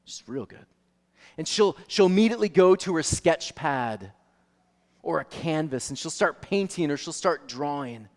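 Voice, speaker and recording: A male pastor preaching a sermon, animated storytelling that swings from soft to loud. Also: fairly high pitch, normal speed. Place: church sanctuary. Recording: long reverb of a church hall.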